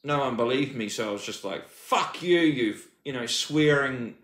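A man's voice: medium pitch, normal speed, fairly bright tone, reverberant. A man telling a personal story to camera, agitated and rambling, restarting sentences and swearing. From New Zealand.

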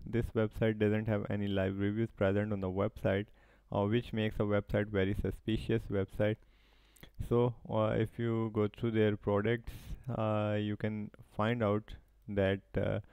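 A man's voice: lowish voice, a little mellow, clean tone, no room sound. A man hosting a website review channel, giving a scripted warning with frequent hesitant fillers.

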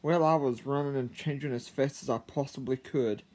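Halting, stammering male vlogger. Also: medium pitch, a little mellow. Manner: halting, with frequent stammers and restarts. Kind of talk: casual storytelling to camera.

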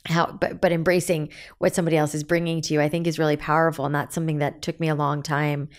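A woman's voice: deep voice, level tone, fast talker. A woman in her forties speaking candidly as a podcast guest, telling stories animatedly and acting out quoted dialogue. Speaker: guest, business founder.

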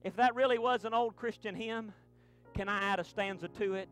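High-voiced preacher man. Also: moderate pace, soft background music. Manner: fervent preaching with rising, shouted runs and many "uh" breaths. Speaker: pastor. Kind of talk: sermon. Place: church sanctuary.

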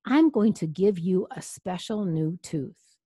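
A woman voicing a calm kind dentist. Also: lowish voice, slow, husky, dry recording, clean studio sound, exaggerated voice. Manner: soothing, gentle.

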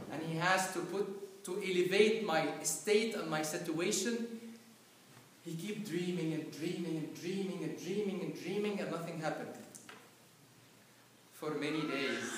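A man with a high voice delivers a sermon in a church, unhurried as he tells a story and then rising to loud cries. He is heard from a distance, his voice washing through a very echoey church, with faint room ambience underneath. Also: a little hiss or hum. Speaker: priest. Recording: echoey live church recording from far off.

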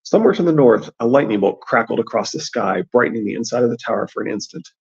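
A man's voice: medium pitch, lively intonation, fast talker, creaky, a little mellow, husky. A man reading a novel aloud expressively, with his own commentary in between. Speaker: audiobook reader and theory commentator. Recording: dull lo-fi recording.

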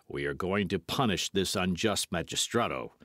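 Casting: man doing a masked outlaw, low and stern, cold commands, dry sound. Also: animated, moderate pace, fairly bright tone, no room sound. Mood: commanding. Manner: stern, clipped threats.

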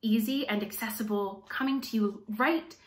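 A woman's voice: mid-range voice, moderate pace, reverberant. A young woman teaching artist leading an upbeat children's storytime and activity lesson, speaking directly to the kids.

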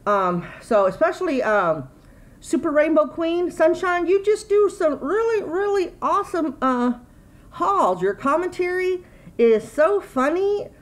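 A woman's voice: extremely high pitch, very animated, unhurried, low-quality recording. A middle-aged woman, chatting casually and rambling through a grocery haul at home. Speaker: YouTube vlogger.

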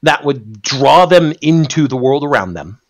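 A man in casual discussion, animated and profane, often restarting his sentences. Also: medium pitch, unhurried. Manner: animated, swears freely, stumbles and restarts.

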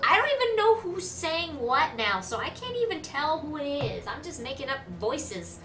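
A woman streams a game, chatting and giggling with her viewers in a casual way. Her voice is bright and a little high, and it sounds roomy and set back from the mic, with a faint hiss. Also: big pitch swings, moderate pace, few pauses. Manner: chatty, giggly, talks to chat. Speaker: gaming streamer. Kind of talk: casual live-stream commentary. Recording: echoey room, distant mic, faint noise.

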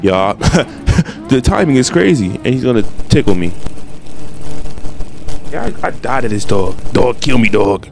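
Gravelly young man, animated slangy game commentary. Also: medium pitch, unhurried, long pauses, soft background music. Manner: animated, trash-talking, slangy. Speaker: gaming streamer. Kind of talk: casual gameplay commentary.

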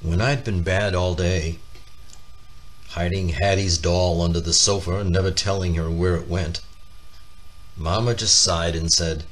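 A man reading a children's picture book aloud, expressive and lifting his voice for the characters' lines. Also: a little slow, pauses often. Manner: expressive, voicing characters with raised pitch. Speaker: storybook reader.

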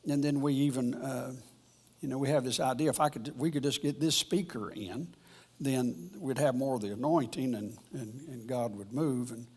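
A man giving an informal Bible lesson at church, rambling and halting, often restarting his sentences. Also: medium pitch, darkish tone, husky. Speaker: church teacher.

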